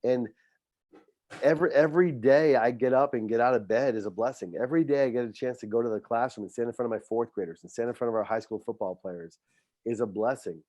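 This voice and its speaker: A middle-aged man, a high school football coach, speaking in a heartfelt, faith-filled way on a podcast, often repeating words when he is moved. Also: fast, dark tone, no echo. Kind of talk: emotional podcast interview.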